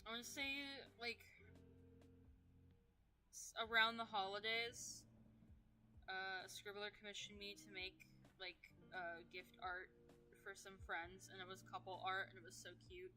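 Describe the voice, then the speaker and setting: A woman artist chatting casually, hesitant and halting with fillers. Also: medium pitch, fairly even intonation, sharp tone, faint music behind, poor audio. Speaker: artist on stream. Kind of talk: casual chat.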